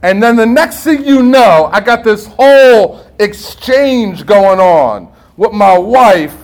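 A man's voice: high voice, takes it slowly, rough recording. A man giving a personal share at a recovery meeting, streetwise and profane, telling his story with lots of "right?" and acting out the voices in his head. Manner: animated storytelling that acts out inner voices. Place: meeting room with listeners.

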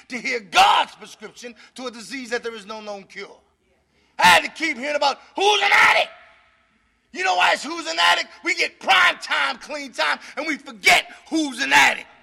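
A man sharing his recovery story at an addicts' meeting in a preachy style, often shouting for emphasis and laughing between points. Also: very high voice, vocal fry. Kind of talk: recovery testimony.

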